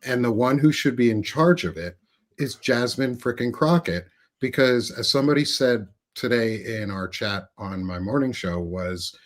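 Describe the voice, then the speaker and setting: A man's voice: medium pitch, animated, moderate pace. A man talking politics as a guest, blunt, emphatic and profane. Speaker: guest commentator. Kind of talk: casual political chat.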